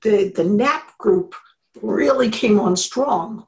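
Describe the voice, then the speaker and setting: A woman's voice: medium pitch, measured pace, poor audio. A middle-aged woman, an engineering professor, explaining in an interview and acting out little quoted voices. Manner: animated explainer, acts out quotes. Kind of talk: conversational interview.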